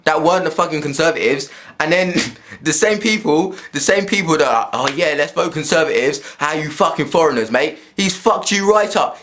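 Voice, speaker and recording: A man's voice: a little high, fairly bright tone. A man from England, ranting to camera in his room at home, swearing freely and repeating himself as he goes. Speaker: vlogger. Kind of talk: casual rant to camera.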